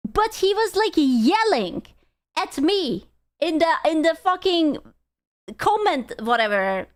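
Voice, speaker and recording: High-pitched young woman streamer, swears a lot, blunt rant mode. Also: very animated, takes it slowly. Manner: blunt, profane, ranting. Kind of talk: casual livestream chat.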